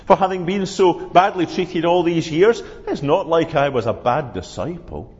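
A man's voice: on the high side, lively intonation, darkish tone, close to an everyday voice. A man voicing the apostle Thomas as an aggrieved, self-justifying man who protests and pleads his case. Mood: pleading. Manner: indignant, pleading, quick protests. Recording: dull, reverberant hall sound.

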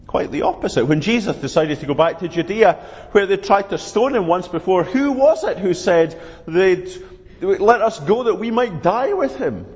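A man's voice: high voice, sing-song, a little mellow. A man voicing the apostle Thomas as an aggrieved, self-justifying man who protests and pleads his case. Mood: pleading. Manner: indignant, pleading, quick protests. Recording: dull, reverberant hall sound.

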